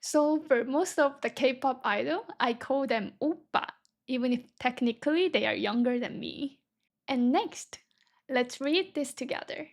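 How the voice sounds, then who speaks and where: A woman's voice: high-pitched, unhurried. A young woman teaching a beginner Korean reading lesson, patiently sounding words out syllable by syllable.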